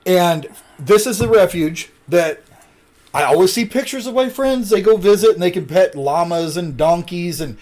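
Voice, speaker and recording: Nebraska guy on a podcast, rambling and swearing, stumbles over his words, voice a bit high. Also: lively intonation, a little mellow. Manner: profane rambling storyteller with halting restarts. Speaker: podcast co-host. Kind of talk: casual chat.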